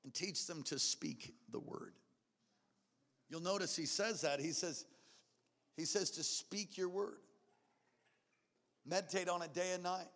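High-pitched male preacher in a reverberant hall. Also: measured pace, pauses often, a bit bright. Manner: emphatic, repetitive preaching with call-and-response. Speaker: pastor. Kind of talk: sermon.

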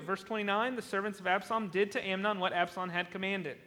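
A man's voice: high voice, little pitch movement, fast talker, bright, forceful tone, in a large hall. A man preaching a sermon, retelling a scripture passage and acting out its lines, often repeating and restarting words. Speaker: pastor.

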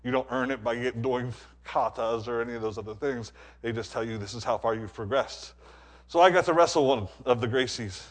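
A man preaching a sermon, animated, swinging between quiet stretches and loud, emphatic builds, often repeating words as he presses a point. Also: medium pitch, a little fast.

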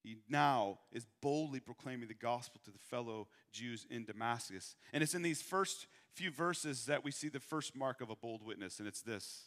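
A man from Michigan preaching a sermon, asking rhetorical questions and slowing down to repeat his key points. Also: mid-range voice, fairly bright tone. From Michigan, USA. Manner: rhetorical questions, emphatic slowed repetition. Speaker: pastor. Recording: long hall reverb.

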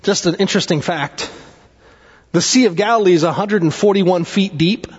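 A male pastor preaching a sermon, with dramatic swings in pitch and pace and chatty asides. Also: normal speed, slightly rough. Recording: dull sound with long hall reverb.

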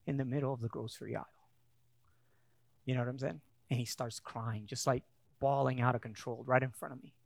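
A man's voice: medium pitch, gravelly, no echo, clean studio sound. A male pastor preaching a sermon, telling a story in a conversational way with frequent restarts, then building to emphatic preaching. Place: church.

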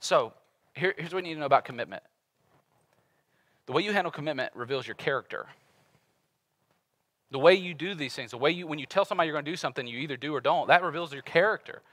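Man, 30s, pastor, conversational sermon, animated, slightly high voice. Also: fast, pauses often. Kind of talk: casual sermon.

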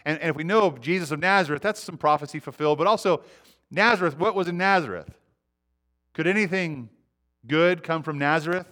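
A man preaching a sermon as pastor, earnest, letting his sentences fall to a quiet hush. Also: fairly high pitch, fairly quick. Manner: earnest, often dropping to a quiet hush at phrase ends; repeats words as he restarts.

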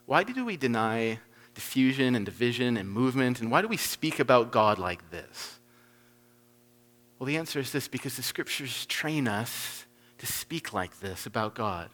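A man preaching a sermon, emphatic, swinging between loud stressed points and soft low asides. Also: big-room sound.

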